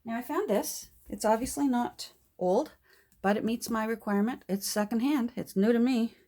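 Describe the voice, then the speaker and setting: A woman's voice: a little high, moderate pace, a little hiss or hum. An older woman showing off thrift finds in a casual, delighted way, sometimes dropping to whispers. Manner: delighted, often drops to soft whispers and gasps. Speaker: vlogger showing a thrift haul. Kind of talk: casual show-and-tell.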